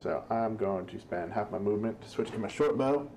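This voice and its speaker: A man's voice: fairly low pitch, fairly quick, rough recording. A man playing in a tabletop game, joking and bantering casually. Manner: jokey, animated banter. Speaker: player. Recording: clear background hiss.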